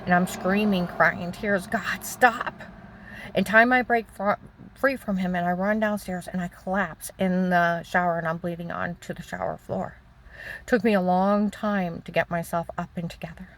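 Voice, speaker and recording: A woman's voice: fairly low pitch, fairly even intonation. An older woman giving a rambling, emotional personal testimony about her own life. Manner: rambling, emotional, halting storytelling.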